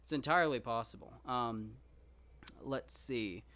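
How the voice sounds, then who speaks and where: A man from Texas chats casually with his viewers and answers their questions. He rambles, fills pauses with asides, and pokes fun at himself. His pitch sits in a middle range. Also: bright, forceful tone. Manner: rambling, lots of fillers, self-deprecating asides. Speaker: podcast host reading the Iliad.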